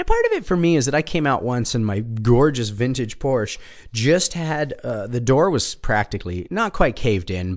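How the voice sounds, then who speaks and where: A man telling personal stories in a loose, rambling monologue, full of fillers, asides and swearing. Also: medium pitch. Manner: rambling, animated, many fillers and asides, profane. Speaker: storyteller. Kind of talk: casual storytelling monologue.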